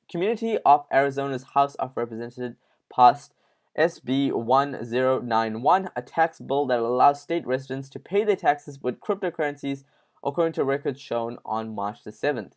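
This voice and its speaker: Casual male crypto news host. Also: medium pitch. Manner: informal, addresses viewers as guys, many fillers.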